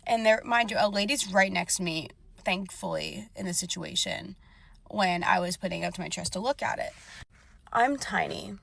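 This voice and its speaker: A woman's voice: fairly low pitch, normal speed, gravelly, a bit bright. A young woman telling a casual storytime about a bad date, chatty, full of "like" and swearing freely.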